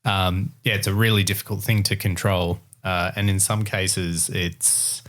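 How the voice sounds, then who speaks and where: A man's voice: low voice, little pitch movement, measured pace, a bit bright. A man on a casual panel chat who speaks thoughtfully and asks probing follow-up questions.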